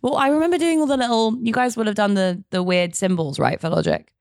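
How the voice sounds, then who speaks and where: A woman's voice: medium pitch, sing-song, fast, darkish tone, dry recording, clean studio sound. A woman co-hosting a podcast, sardonic and full of fillers. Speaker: podcast co-host. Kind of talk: casual chat.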